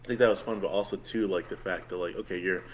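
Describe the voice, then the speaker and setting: Casting: man, lowish voice, game player in a loose talkback, rambly, laughs a lot. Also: fairly even intonation, fast talker, a little hiss or hum. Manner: rambling, heavy use of "like", laughs often. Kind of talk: casual post-game chat.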